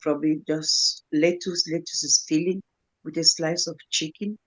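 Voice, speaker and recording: A woman's voice: low-pitched, steady tone, normal speed, rough recording. A woman speaking as a guest in an online live talk, earnest and motivational, repeating phrases for emphasis. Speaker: guest speaker, kidney patient.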